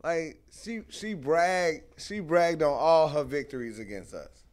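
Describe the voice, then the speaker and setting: A young man hosting a casual live stream, telling lively stories and greeting viewers in the chat, speaking. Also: fairly high pitch, takes it slowly. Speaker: host.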